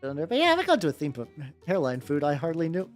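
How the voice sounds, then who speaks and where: A woman's voice: deep voice, huge pitch swings, quick pace, faint music behind. A young woman streaming and chatting casually while she paints, rambling with lots of "like" and self-interruptions.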